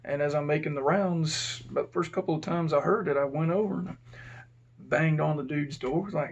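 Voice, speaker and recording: Gravelly man telling a prison story. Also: a little high, brisk, muffled recording. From Texas. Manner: rambling, self-correcting, plain-spoken. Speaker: former prison officer. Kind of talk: casual storytelling.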